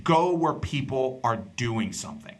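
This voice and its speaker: A podcast host who also does stand-up tells a story in relaxed conversation, his medium-pitched voice moving a little slowly. He's an animated storyteller who performs the voices of the people he quotes.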